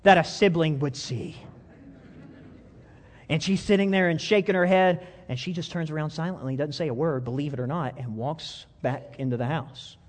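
Pastor, high voice, lively sermon storyteller, long hall echo. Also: male voice, moderate pace. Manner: animated storyteller, repeats words, chuckles often. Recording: long reverb of a big hall.

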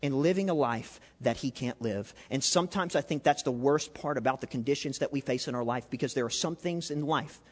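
Speaking in a mid-range voice, fairly quickly and with few pauses, a man preaches interactively. He puts questions to the congregation and tells a story, his words echoing in a reverberant hall.

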